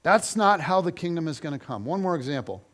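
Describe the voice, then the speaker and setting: Lively, animated male pastor preaching. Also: a little high, a little fast. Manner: animated storytelling, acts out quotes, rhetorical questions. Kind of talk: sermon. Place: church.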